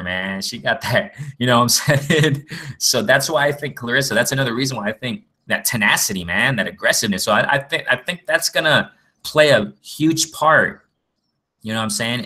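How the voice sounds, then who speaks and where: Rambling man with a bright voice. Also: mid-range voice, moderate pace. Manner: rambling, repeats "you know what I'm saying". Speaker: boxing vlogger. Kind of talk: casual chat.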